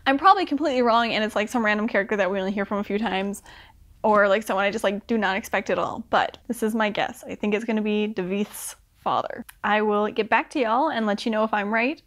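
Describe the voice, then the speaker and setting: A young woman chatting casually about a book she is reading, with lots of "like" and quick acted-out asides. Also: mid-range voice, fairly bright tone. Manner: chatty, full of "like", acts out characters in quick asides. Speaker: book vlogger. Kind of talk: casual rambling book review. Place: indoors at home.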